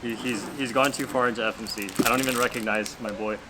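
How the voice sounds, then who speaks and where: A young man, teasing his friend in a dry, deadpan way during casual chat. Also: mid-range voice, fast. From Canada. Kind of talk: casual chat while unboxing. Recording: loud crinkling packaging noise.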